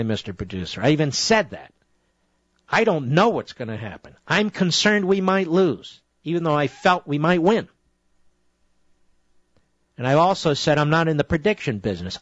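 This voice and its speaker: The dry, slightly dull radio audio carries a middle-aged man at medium pitch hosting a political talk show. He's combative and often escalates into indignant tirades.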